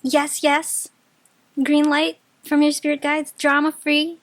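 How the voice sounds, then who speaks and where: A high-pitched, monotone tarot reader chats casually through a reading, using lots of filler words and quick restarts. She gushes easily and often bursts into delighted laughter. Her voice is close and dry, with no echo or room sound.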